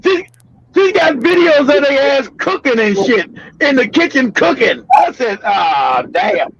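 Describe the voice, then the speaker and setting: An older man from California, hosting a live stream and telling a story loudly with profanity, laughter and bursts of shouting. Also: extremely high pitch, moderate pace, dry recording. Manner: loud, profane, laughing, often breaks into shouting. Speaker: livestream show host. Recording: dull lo-fi stream audio.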